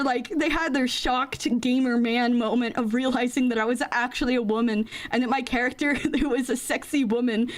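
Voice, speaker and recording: A young woman streamer chatting casually into a desk mic, telling rambling stories with frequent giggles. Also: high voice. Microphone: desk microphone.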